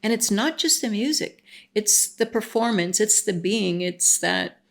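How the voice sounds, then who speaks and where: Woman vlogger with a gravelly voice, enthusiastic and rambling, casual monologue. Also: mid-range voice, animated, a little slow. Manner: enthusiastic and rambling, full of fillers.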